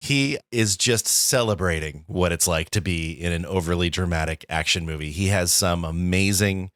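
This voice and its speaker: A man's voice: low-pitched, moderate pace, fairly bright tone, no echo, studio quality. A man co-hosting a movie podcast, chatting enthusiastically and laughing often. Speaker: podcast co-host. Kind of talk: casual movie chat.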